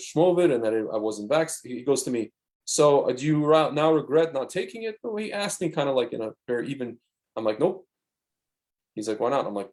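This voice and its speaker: A middle-aged man talking casually on a podcast, telling stories in a rambling, animated way with many restarts. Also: mid-range voice. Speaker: podcast co-host. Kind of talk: casual chat.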